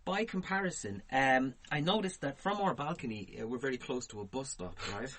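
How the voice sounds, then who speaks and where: A man, co-hosting a podcast and telling profane, animated stories in casual chat. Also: medium pitch, fairly quick. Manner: profane, animated, laughs through his stories. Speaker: podcast co-host.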